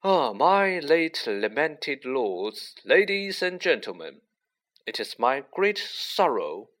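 A man voicing a pompous ghost gentleman giving a formal speech, slow and stately. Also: medium pitch, very animated.

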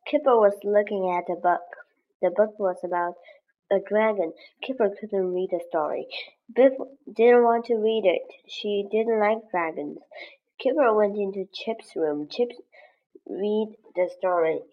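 A woman's voice: medium pitch, unhurried, narrow, tinny audio. A woman reading a graded children's story aloud for English learners, with careful, evenly paced delivery. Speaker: English lesson reader.

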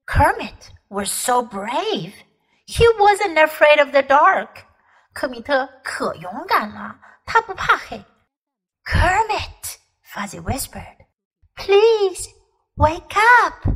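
Slow, lively woman teacher reading a bedtime story. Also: high-pitched. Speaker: English teacher.

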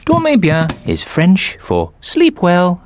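A woman narrating a children's cartoon, gently explaining. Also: on the low side, huge pitch swings, slow, a little hiss or hum. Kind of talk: scripted narration.

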